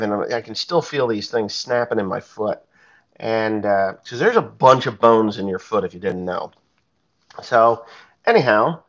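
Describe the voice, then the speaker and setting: Blunt, profane farmer telling a story. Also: male voice, lowish voice, expressive, normal speed, fairly bright tone, dull audio. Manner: blunt and profane, plain-spoken. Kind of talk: casual spoken storytelling.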